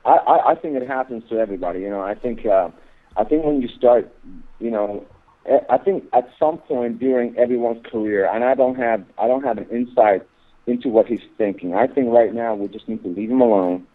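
Male phone-in guest, halting and emphatic, tinny line. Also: mid-range voice. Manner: halting, repeats words, grows emphatic. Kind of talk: interview on radio.

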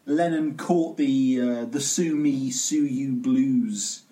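A man's voice: medium pitch, takes it slowly, dark tone. A man co-hosting a music podcast, chatting casually with wry joking asides. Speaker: podcast co-host.

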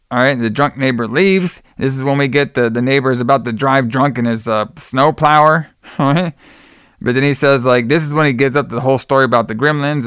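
A man's voice: medium pitch, fairly bright tone, clear, resonant tone, no room sound, studio quality. A man co-hosting a podcast, recapping a film scene by scene and acting out the characters' lines. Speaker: podcast co-host.

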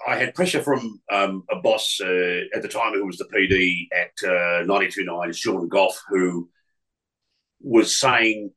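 Emotional radio man, bright voice. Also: fairly low pitch, moderate pace, low-quality recording. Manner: emotional, repeats words and restarts often. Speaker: radio presenter, guest. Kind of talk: storytelling interview.

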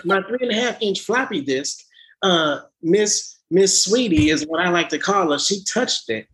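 A man rambling through a funny story in casual comedy banter, clearing his throat. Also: high voice, animated, measured pace, a bit bright, poor audio.

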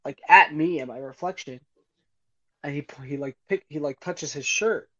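Man, fairly high voice, animated storytelling, muffled lo-fi audio. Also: normal speed. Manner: animated, acts out both sides of a story. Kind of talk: casual storytelling.

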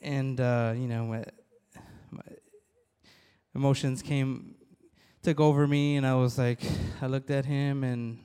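A man, a police officer, giving a halting, earnest church testimony to a congregation, with many restarts. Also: medium pitch, steady tone, warm tone, smooth. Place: church hall. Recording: long reverb of a large hall.

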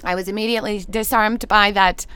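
A woman with a Minnesotan accent, giving a podcast intro in a gentle, earnest, unhurried way. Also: mid-range voice, steady tone, smooth, no room sound. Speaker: podcast host. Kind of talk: reflective podcast intro monologue.

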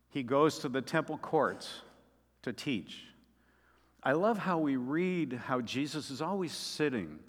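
A man preaching a sermon in a mid-pitched voice, his words trailing off into a long hall reverb. He tells the scripture story dramatically, rising to loud emphasis and then falling to soft, quiet asides. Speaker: pastor.

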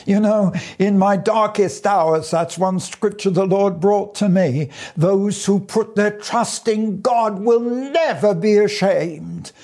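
A man's voice: high voice, slow, hardly any pauses, darkish tone. An older man preaching a sermon, earnest and fervent, quoting scripture as he testifies.

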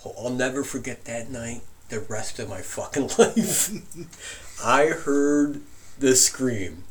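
Slow and mid-pitched, this man recounts a crude campfire tale in a relaxed way, full of energy and frequent laughter.

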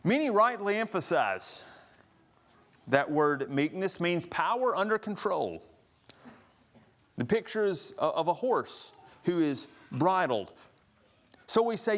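Earnest preaching man, lively high pitch. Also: moderate pace. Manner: earnest preaching, rising emphasis on quoted scripture. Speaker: pastor. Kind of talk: sermon.

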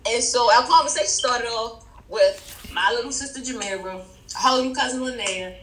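A woman with a high voice chats as a podcast guest. She tells personal stories with energy, slipping into her friends' voices as she goes. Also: moderate pace, roomy sound, poor audio. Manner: animated storyteller, acts out friends' voices. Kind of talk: casual chat.

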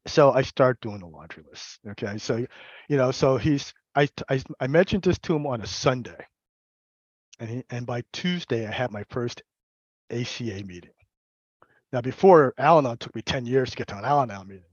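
A man's voice: mid-range voice, expressive, moderate pace, husky, dry recording. A man in the middle register speaks openly about his recovery, stumbling over repeated words and breaking into laughter. The sound is dry and a little dull, as on a muffled recording. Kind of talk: personal recovery share.

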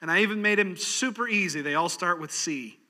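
A man's voice: sits high, a little fast, sharp tone, long reverb tail. A man preaching a sermon in a folksy, practical way, chuckling often. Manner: folksy, practical, laughs easily. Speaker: pastor.

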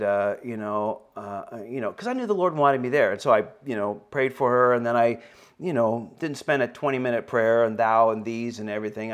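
A man, a pastor, telling a personal story in a sermon, often halting and repeating words, his voice lifting at the emotional points. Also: mid-range voice.

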